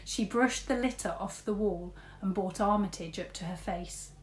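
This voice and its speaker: A woman teacher reading a storybook aloud, lively, switching between big shouts and soft whispers for the characters. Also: mid-range voice, moderate pace, echoey room, slight background noise.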